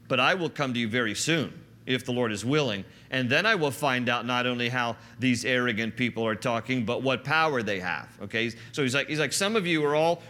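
A man preaching a sermon, teaching through a Bible passage in a conversational, animated way. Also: mid-range voice. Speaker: pastor.

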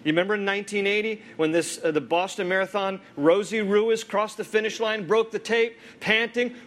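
A man preaching a sermon as pastor, expressive, moving between lively storytelling and hushed, earnest appeals to the church. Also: high voice, fairly quick.

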